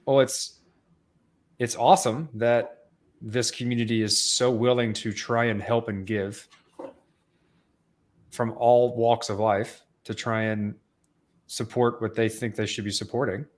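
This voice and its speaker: A man's voice: mid-range voice, flat delivery, a little slow, long pauses. A man co-hosting a podcast in casual chat, earnestly explaining at length. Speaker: podcast co-host.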